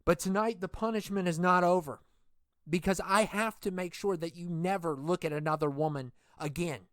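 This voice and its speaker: A man playing a menacing leader of a villainous wrestling group in a game role-play, taunting with slow, drawn-out threats. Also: high voice, no echo, clean studio sound, close to an everyday voice. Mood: gloating.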